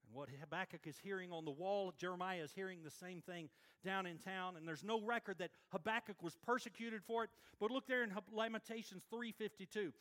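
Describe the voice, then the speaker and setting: A male pastor delivers a sermon in a high, bright voice. He is animated and playful and swings quickly between loud emphasis and hushed asides. His delivery is lively and conversational.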